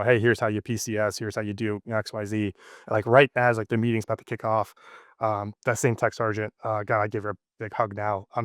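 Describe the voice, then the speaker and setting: A man's voice: fairly low pitch, a bit bright, no room sound, clean studio sound. A man in his thirties, the guest in an interview, telling a personal story casually with many fillers and restarts. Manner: rambling, lots of fillers and restarts.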